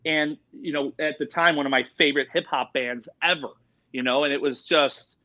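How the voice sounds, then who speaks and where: A middle-aged man, a guest animal expert, telling stories in an excitable, rambling way full of fillers and quoted voices. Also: fairly high pitch, normal speed. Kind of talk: excited storytelling in casual interview. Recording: dull lo-fi sound.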